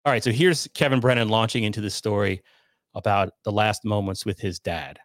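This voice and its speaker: A man with a fairly low voice chats casually as he hosts a stream from his basement. He runs through viewer comments and reacts to them, and the sound is dry and close to the mic. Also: brisk, no echo. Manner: chatty, reads viewer comments aloud. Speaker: podcast host. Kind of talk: casual livestream chat, reading super chats. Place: home basement.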